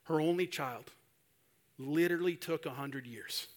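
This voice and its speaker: A man's voice: on the high side, unhurried. A male preacher giving a sermon, telling a story animatedly and acting out the voices of the people in it.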